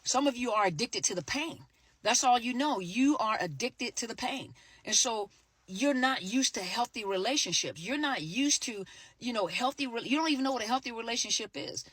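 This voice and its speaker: A woman's voice: a little high, expressive, normal speed, a bit bright, breathy edge, no echo. A middle-aged woman therapist talking casually to the camera, with frequent "you know" fillers and repeated words, now and then acting out short quoted exchanges. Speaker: therapist and coach. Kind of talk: casual direct-to-camera talk.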